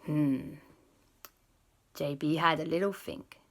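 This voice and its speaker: A woman narrating a bedtime story for children, animated, dropping to whispers for suspense. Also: on the low side, unhurried.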